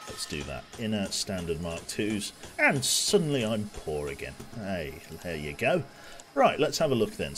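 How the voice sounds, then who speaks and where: A young man streaming a video game, chatting and joking with his viewers while he plays. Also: fairly low pitch. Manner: chatty, joking, talks to chat while playing. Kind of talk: casual gameplay commentary.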